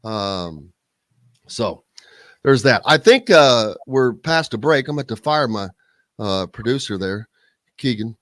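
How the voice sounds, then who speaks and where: A man's voice: medium pitch, animated, a little slow, pauses often, fairly bright tone, no room sound. A man hosting a sports radio show, talking in a rambling, blunt way with frequent restarts. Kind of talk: casual sports radio talk.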